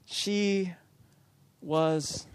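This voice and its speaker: A man's voice: high-pitched, fairly even intonation, drawn-out words, clear, resonant tone. A middle-aged man preaching a storytelling sermon, earnest and self-deprecating as he urges listeners on.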